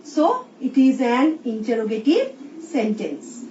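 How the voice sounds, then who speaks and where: A woman teacher with an Indian English accent, slowly explaining a recorded English lesson and reading example sentences aloud. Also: fairly high pitch, very animated, warm tone. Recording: roomy, distant, dull sound with faint hiss.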